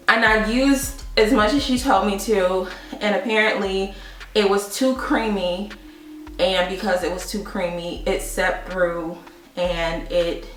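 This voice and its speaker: A young woman chats through a beauty product review, spinning an animated story and laughing often as she talks to her viewers. Her voice sits a little back from the mic in a roomy, echoing space. Soft music plays faintly underneath. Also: medium pitch, far from the mic. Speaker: beauty vlogger. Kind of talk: casual chatty product review.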